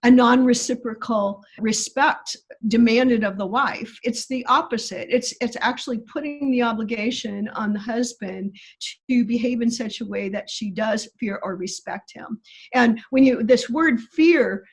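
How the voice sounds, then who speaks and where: A woman's voice: a little high, measured pace, slightly rough, poor audio. A woman guest on a podcast, explaining Greek grammar precisely and stressing key words.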